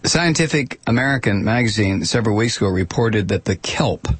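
A man's voice: lowish voice, expressive, a little fast, husky, dry recording. A man giving an informal spoken commentary, wry and sardonic, with offhand asides.

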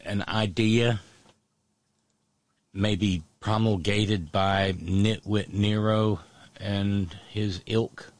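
A man hosting solo political commentary, sardonic and halting, often restarting his words. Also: lowish voice, steady tone, no echo.

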